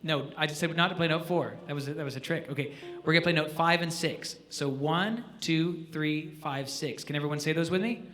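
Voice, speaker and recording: A man leading a live jazz clinic for students, animated and joking, often asking the audience questions. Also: a little high, brisk. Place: school auditorium.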